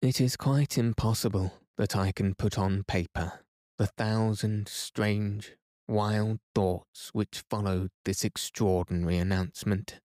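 Slow, low-voiced male sleep-story reader. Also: no room sound, clean studio sound. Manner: slow, soothing, even reading. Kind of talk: calm sleep-story narration.

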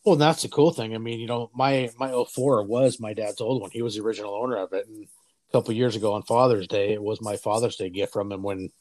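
Swearing, lively man in his forties. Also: lowish voice, brisk, no room sound. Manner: profane, animated, acts out quoted voices. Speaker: podcast host. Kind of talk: casual storytelling chat.

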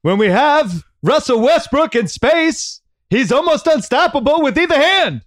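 A man putting on an impression of a famous elderly male politician, cast as a basketball coach, in a high, exaggerated lecturing voice. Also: very animated, measured pace, a bit bright, no echo, studio quality, exaggerated voice.

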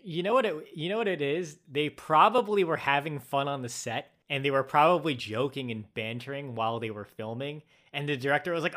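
A man's voice: fairly high pitch, brisk, few pauses, a bit bright. Analytical man explaining film craft. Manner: explanatory, analytical about filmmaking. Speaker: podcast co-host. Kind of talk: casual movie review chat.

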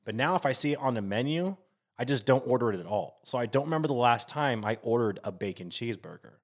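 A man co-hosting a podcast in casual chat, swearing freely and breaking into animated outbursts. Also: medium pitch, quick pace. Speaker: podcast co-host.

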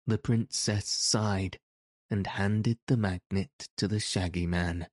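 A man narrates a storybook at an unhurried, deliberate pace. His voice is low and mellow, and his reading is steady and measured. The recording is dry and close, with no room sound. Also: dry recording. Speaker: audiobook narrator.

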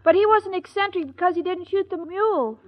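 Super high ditzy sweet girl, naive, muffled old radio sound. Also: fairly quick, noisy background. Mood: innocent. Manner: naive and earnest. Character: scatterbrained, sweet young woman. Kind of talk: 1940s radio sitcom acting. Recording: dull old radio recording.

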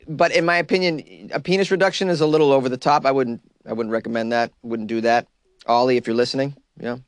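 A man's voice: medium pitch, dry recording, clean studio sound. Wisecracking male talk radio host. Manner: wisecracking, laughs at his own jokes.

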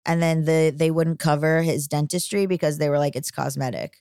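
A young trans man co-hosting a podcast in casual chat, his voice newly lowered and kept flat and held down. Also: a little fast, smooth, dry recording, clean studio sound. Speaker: podcast co-host.

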